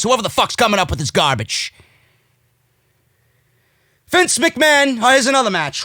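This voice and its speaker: High, bright-voiced man ranting profanely. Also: big pitch swings, fairly quick, no room sound, clean studio sound. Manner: profane, sarcastic and heated, swinging loud. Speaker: wrestling podcast host. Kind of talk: ranting commentary.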